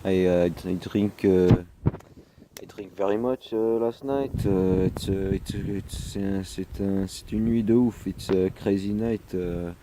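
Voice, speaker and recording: A hungover, tired man with a French accent talking casually outdoors on a deck, halting and full of fillers and slipping between English and French. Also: sits low, fairly even intonation, background noise. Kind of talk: rambling casual vlog.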